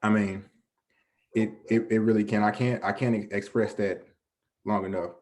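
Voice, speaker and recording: A man's voice: lowish voice, level tone, normal speed, darkish tone. Earnest man giving a motivational talk. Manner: earnest, conversational, often restarts and says "you know"; asks and answers his own questions. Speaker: guest presenter. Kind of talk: motivational presentation.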